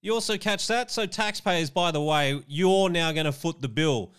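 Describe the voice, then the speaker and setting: A man reacting to video clips with indignant, animated commentary and a running stream of chatty asides. His voice sits somewhat high and rings smooth and clear. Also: moderate pace. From Australia. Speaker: political commentator.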